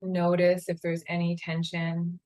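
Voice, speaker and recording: A woman yoga teacher leading a guided meditation in a slow, calm, soothing way. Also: on the low side, poor audio. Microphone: camera mic, seated on a chair.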